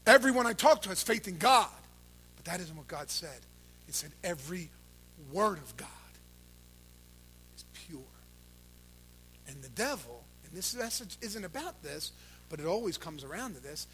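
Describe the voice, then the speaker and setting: High, bright-voiced preaching man. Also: slight background noise. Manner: swings between shouted calls to the crowd and quiet intense talk. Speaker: pastor. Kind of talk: sermon. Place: church service.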